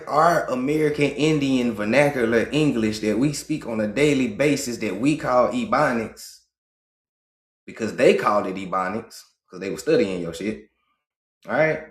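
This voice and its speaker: Emphatic Southern man, roomy livestream. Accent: Southern US, Georgia. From Georgia, US. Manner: emphatic, profane, rising to excited high pitch. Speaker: livestream host. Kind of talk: impassioned livestream monologue. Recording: roomy echo.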